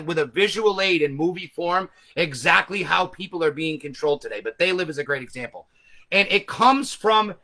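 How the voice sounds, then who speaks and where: Male host, loose profane storyteller who corrects himself as he goes. Bright, high voice. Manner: rambling, profane, self-correcting. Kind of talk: casual rambling commentary.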